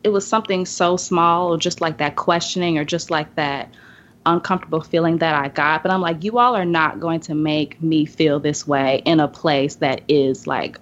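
A woman from the Southern United States telling a personal story in a casual podcast roundtable. She acts out the people in her story with lively voices. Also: low-pitched, moderate pace, slight background noise. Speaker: podcast panelist. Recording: dull lo-fi podcast audio.

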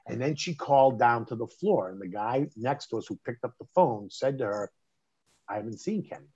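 A middle-aged man, telling a personal story in conversation, animated and emphatic, often restarting mid-phrase. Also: medium pitch, brisk, husky. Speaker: interview guest recounting a personal story. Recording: dull lo-fi sound.

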